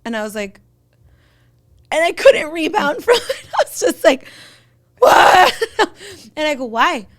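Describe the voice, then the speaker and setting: A woman's voice: sits high, big pitch swings. Playful young woman co-host. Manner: playful, quick to laugh and agree. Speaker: podcast co-host. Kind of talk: casual chat.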